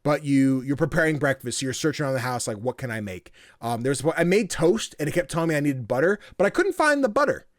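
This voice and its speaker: A man co-hosting a podcast, chatting casually in a rambling way with many fillers and quick acted-out bits of dialogue. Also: on the high side, expressive, no room sound, clean studio sound. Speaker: podcast co-host. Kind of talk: casual chat.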